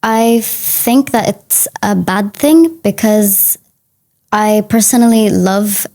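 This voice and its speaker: A woman's voice: medium pitch, slow pace, mellow. A woman answering practice speaking exam questions, hesitant with many fillers. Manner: hesitant, lots of ums and likes. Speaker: exam candidate.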